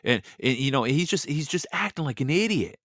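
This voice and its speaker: A man at mid pitch ranting hard into a close, dry microphone. He talks bluntly, doubles back on his words and repeats himself as the heat rises. He sounds like a show host giving his own impassioned monologue. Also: animated, brisk, fairly bright tone, dry recording. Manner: heated, blunt, stumbles and repeats words when worked up. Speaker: host of a Bible reading show.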